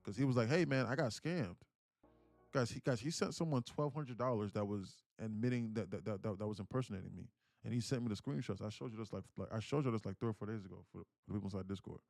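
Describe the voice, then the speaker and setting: A man's voice: lowish voice, fast talker, creaky, no echo, studio quality. A man hosting a live day-trading stream in casual chat, telling stories and acting out the voices of the people he quotes. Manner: animated storyteller who acts out quoted voices.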